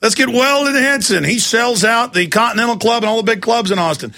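A man hosting a live talk radio show, loud and hyped, shouting during a fundraising pitch. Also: brisk, vocal fry.

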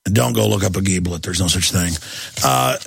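A man's voice: low-pitched, animated, brisk, creaky, fairly bright tone, breathy edge, no room sound. A man hosting a talk radio show, delivering an intense, combative monologue.

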